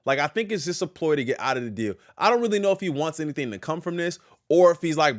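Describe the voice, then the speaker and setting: Animated high-voiced man streaming live. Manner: animated, loud outbursts, quick slangy asides to chat. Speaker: hip-hop news reaction streamer. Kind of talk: casual live-stream reaction, reading a legal filing aloud.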